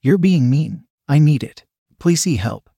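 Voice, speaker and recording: A man's voice: on the high side, animated, unhurried, gravelly, warm tone, breathy edge, no echo, studio quality, full character voice. A man voicing a shy young woman who whines and begs. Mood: pleading. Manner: whiny, begging.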